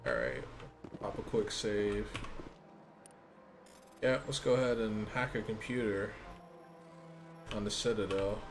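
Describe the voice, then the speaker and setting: A man's voice: fairly low pitch, lively intonation, takes it slowly, long pauses. An American man giving casual commentary on his own gameplay, chatty and full of ums. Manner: chatty, many ums, laughs easily. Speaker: let's play gamer. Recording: game music playing behind.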